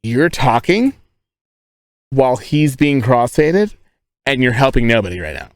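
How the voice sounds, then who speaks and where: A man's voice: medium pitch, sing-song, measured pace, no room sound. Young male streamer, crude rambling humor, dry sound. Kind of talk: casual live-stream chat and storytelling. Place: inside a tent.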